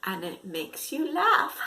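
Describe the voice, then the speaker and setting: A woman teaching to preschool children through a story, speaking in an exaggerated, expressive way with gasps and whispered asides. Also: on the high side. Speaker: English teacher for young children.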